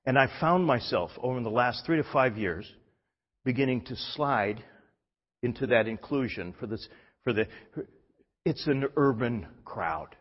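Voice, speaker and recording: A man's voice: medium pitch, expressive, unhurried. A man, a pastor, preaching a sermon in a church hall, emphatic and often restarting his sentences. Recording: dull recording in a reverberant hall.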